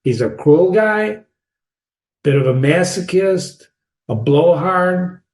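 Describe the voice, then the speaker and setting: A man hosting a literature channel, casually analyzing a short story with digressive anecdotes, wry asides and quick laughs. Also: high-pitched, animated, darkish tone. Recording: echoey room.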